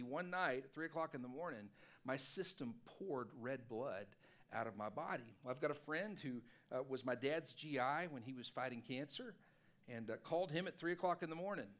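A man preaching a sermon as pastor, telling a personal story in an animated, self-deprecating way. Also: fairly high pitch. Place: church sanctuary.

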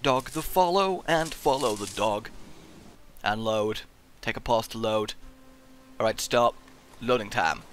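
A young man giving playful, excitable let's-play commentary and chatting to the game character as he plays. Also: lowish voice, unhurried, long pauses, a little hiss or hum. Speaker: gaming video host.

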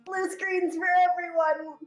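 A woman's voice: extremely high pitch, level tone, unhurried, reverberant, over music. A woman and tabletop game player, chatting playfully and teasing. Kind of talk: casual chat.

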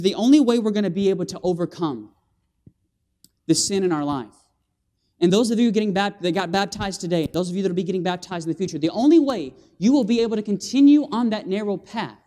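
A man preaching an animated sermon in a church, calling for amens from the congregation and acting out scenes with sound effects. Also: sits high, fairly quick. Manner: animated, with call-and-response and vocal sound effects. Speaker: guest preacher. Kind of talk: lively evangelistic sermon. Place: church sanctuary.

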